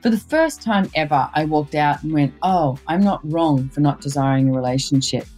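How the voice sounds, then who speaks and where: A middle-aged woman with a low voice, speaking as a relationship expert guest in a relaxed, candid way, leaning into personal stories. Faint music plays underneath her. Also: normal speed. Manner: candid, storytelling, laughs easily. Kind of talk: casual conversation.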